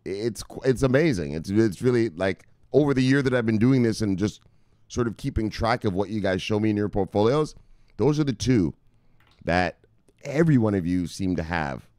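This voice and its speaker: A man's voice: fairly low pitch, lively intonation, normal speed, a little mellow, no room sound, clean studio sound. Rambling, profane male crypto vlogger. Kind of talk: casual chat to viewers.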